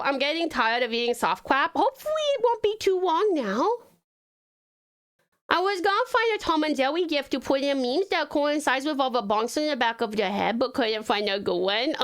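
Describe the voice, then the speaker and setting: A woman's voice: sits high, a bit bright. A woman streaming live, chatting with viewers in a put-on sugary baby-talk voice, giggling and calling them sweetheart and darling. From Tasmania, Australia.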